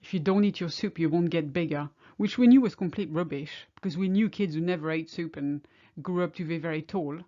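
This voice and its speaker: Wry French woman with a low voice. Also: a little fast, mellow. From France. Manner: wry, chatty explaining. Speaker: French teacher. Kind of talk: casual video lesson. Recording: slightly muffled home recording.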